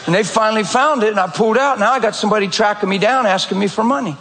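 A male pastor preaching a sermon in a church, telling stories in a direct, animated, conversational way. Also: high voice, racing, a faint crowd. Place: church sanctuary. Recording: echoey church hall, faint ambience.

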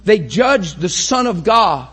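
A man preaching a sermon with great passion, often rising to a shout and acting out how his listeners would react. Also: sits high, big pitch swings, slow, breathy edge.

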